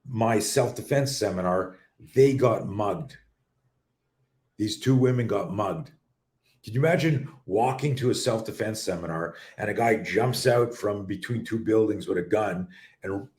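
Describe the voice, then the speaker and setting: A man's voice: lowish voice, reverberant. A middle-aged man from Canada, a self-defense coach hosting a live talk show, telling rambling stories and swearing casually. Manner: animated, swearing, rambling storyteller. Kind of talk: casual live-stream storytelling. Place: home office.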